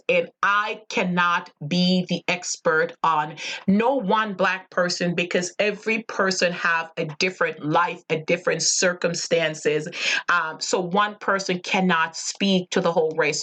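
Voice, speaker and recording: A woman's voice: on the low side, fairly bright tone. A woman from Jamaica with a slight Jamaican accent, talking earnestly and reflectively in a solo podcast, with many fillers. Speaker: podcast host. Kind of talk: casual solo podcast monologue.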